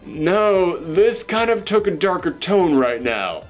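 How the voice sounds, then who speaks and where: A man reviewing comics in a loose, conversational way. His voice sits slightly high, and he recaps with animated disbelief. Faint music runs in the background. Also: slow. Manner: animated, incredulous storyteller. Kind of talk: casual commentary.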